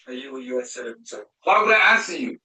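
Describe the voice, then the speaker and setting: A man working as a driver, confronting officers, challenging them with heated questions and sometimes shouting. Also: sits high, lively intonation, quick pace, echoey room, low-quality recording.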